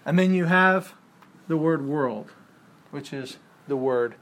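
Man, Bible class teacher; relaxed, chatty lecturing, voice sits a bit high, keeps asking the room questions. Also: slow pace. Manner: conversational, quizzes the class with questions.

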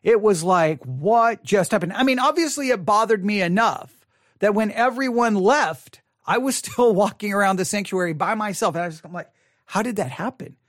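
A pastor with a high, expressive voice speaks earnestly to the camera in a studio at normal speed. His tone is fairly bright, there's no echo, and he thinks aloud in a reflective monologue full of restarts.

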